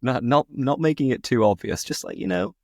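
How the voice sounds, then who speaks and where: A man's voice: mid-range voice, lively intonation, a little fast, no echo, clean studio sound. A British man hosting a podcast, chatting casually and laughing at his own jokes. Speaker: podcast host, English teacher.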